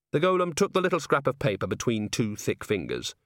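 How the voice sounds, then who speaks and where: A male audiobook narrator telling the story in a measured, lively way, his pitch moving freely through the sentences. The sound is dry and close, with no room around it. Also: no echo.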